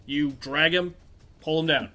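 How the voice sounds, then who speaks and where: A man narrating as game master of a tabletop game, describing scenes slowly with many fillers. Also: fairly high pitch, steady tone, pushed and bright.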